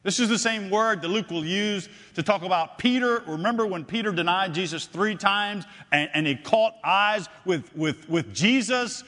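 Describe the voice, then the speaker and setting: A man preaching a sermon, swinging between loud declarations and hushed, drawn-out phrases and repeating his lines for effect. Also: high-pitched. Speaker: pastor. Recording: long hall reverb.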